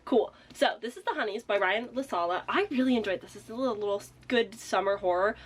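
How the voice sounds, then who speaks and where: A young woman chatting casually as a book vlogger, excitable and laughing often, a little out of breath. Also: medium pitch, brisk. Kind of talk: casual vlog chat.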